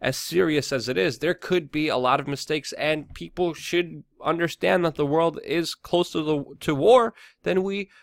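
A man's voice: a little high, moderate pace, creaky, no room sound, studio quality. Heated man ranting on the news. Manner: heated, ranting, many fillers and restarts. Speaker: political commentary host. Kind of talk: opinionated news commentary.

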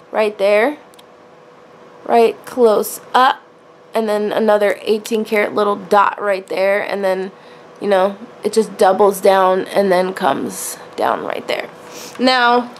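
A woman's voice: a little high, slight background noise. A woman talking casually to camera about her jewelry, chatty and full of fillers, calling the viewers y'all and honey. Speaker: jewelry vlogger. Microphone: camera on a tripod.

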